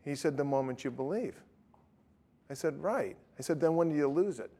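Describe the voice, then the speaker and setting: Gravelly-voiced man preaching a story. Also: on the high side, moderate pace, dark tone. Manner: conversational storytelling, acting out both sides of a dialogue. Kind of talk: sermon with retold street-evangelism story.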